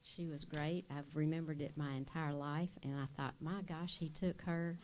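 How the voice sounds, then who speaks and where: A woman's voice: deep voice, fairly even intonation, moderate pace, darkish tone, slight background noise. An older woman, a board member who speaks in a folksy, anecdotal and appreciative way at a public meeting.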